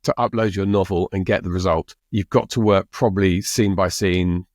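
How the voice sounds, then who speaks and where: A man's voice: deep voice, steady tone, no echo, clean studio sound. A middle-aged man co-hosting a podcast, chatting casually and often restarting his sentences. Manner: halting, with frequent restarts. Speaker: podcast co-host. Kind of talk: casual chat.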